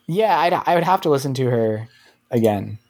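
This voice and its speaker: A man's voice: medium pitch, expressive, moderate pace, darkish tone. A man from New Hampshire co-hosting a podcast, chatting casually and laughing easily. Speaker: podcast co-host. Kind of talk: casual chat.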